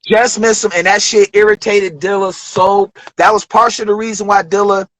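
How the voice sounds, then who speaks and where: A man in his forties from Detroit, a rapper telling studio stories in a loose, profane, animated way during an interview. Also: high voice, moderate pace, low-quality recording. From Detroit, USA. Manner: profane, animated storytelling with acted quotes. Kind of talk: casual storytelling interview.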